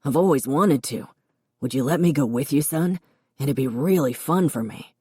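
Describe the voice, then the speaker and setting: A woman reading an audiobook, voicing a gentle father who coaxes his son in a lowered voice. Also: moderate pace, slightly rough, dry recording, clean studio sound. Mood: coaxing. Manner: low, soft, coaxing.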